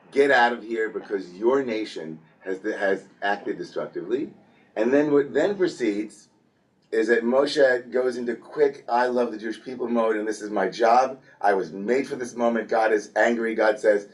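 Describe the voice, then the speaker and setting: A man leads a relaxed Torah study session and tells the story with energy, playfully taking on the characters' voices. His voice comes from some distance away from the mic. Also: fairly low pitch, moderate pace. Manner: lively storytelling, playfully acts out biblical characters, frequent restarts. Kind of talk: casual Torah study class.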